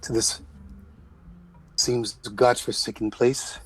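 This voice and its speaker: A man's voice: mid-range voice, little pitch movement, slow. Man doing a courtly noble-born traveler. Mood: searching. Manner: formal, courteous speech in a put-on accent.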